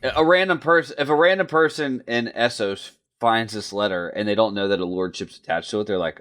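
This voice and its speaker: A lowish-voiced man co-hosting a casual book podcast. He talks in a relaxed, offhand way and shrugs off the others' points. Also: a little fast, few pauses. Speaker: podcast co-host.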